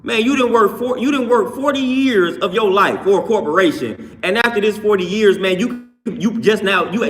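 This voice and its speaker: Having just worked out, a high-pitched man hosts a casual livestream, reading chat and talking to viewers in a preachy, repetitive way. He keeps repeating phrases and greets people in chat by name.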